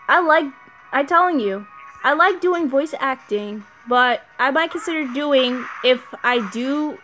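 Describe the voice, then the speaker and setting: A woman's voice: fairly high pitch, a bit bright. A woman giving casual gameplay commentary as a channel host, rambling and often restarting her sentences.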